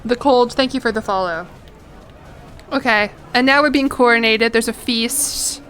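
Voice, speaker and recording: A woman's voice: fairly high pitch, moderate pace, fairly bright tone. A woman streaming a strategy game, chatting casually, reacting, laughing and swearing as she plays. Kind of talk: casual gameplay commentary.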